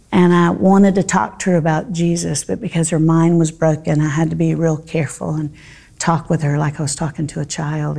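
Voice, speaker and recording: A middle-aged woman, teaching a Bible study and telling a story in an earnest, heartfelt way, with pauses and fillers. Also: low voice, vocal fry, warm tone.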